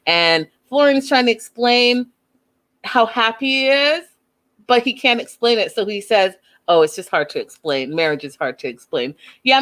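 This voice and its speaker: A woman hosting a casual reality TV recap, chatty and animated, acting out the people she quotes. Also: medium pitch. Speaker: show recap host.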